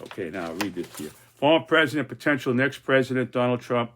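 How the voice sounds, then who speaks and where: A man's voice: medium pitch, big pitch swings, quick pace, a bit bright, a little hiss or hum. A man presenting his own political cartoons in casual, rambling commentary, full of restarts and fillers.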